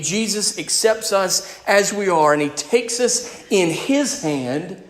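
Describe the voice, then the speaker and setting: High-voiced preacher in an echoey hall. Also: male voice. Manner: emphatic, rising and falling in volume, speaks directly to the congregation. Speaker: pastor. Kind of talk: sermon.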